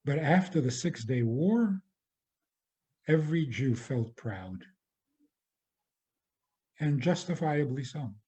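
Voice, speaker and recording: Male rabbi lecturing, unhurried delivery, mellow low-key tone, restarts and repeats phrases. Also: expressive. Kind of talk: spoken lecture.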